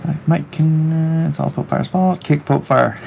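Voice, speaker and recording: A middle-aged man with a gravelly, creaky voice talks at an unhurried, drawn-out pace. He rambles and cracks jokes while drawing on a livestream, reading viewer comments aloud. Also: on the high side, a little mellow, a little hiss or hum. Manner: rambling, jokey, reads viewer chat aloud. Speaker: comic artist streaming his work.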